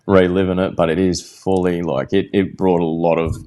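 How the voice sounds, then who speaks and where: A very deep-voiced Australian man talks as a podcast guest. His story comes out candid and halting, full of restarts and swearing. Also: level tone, mellow.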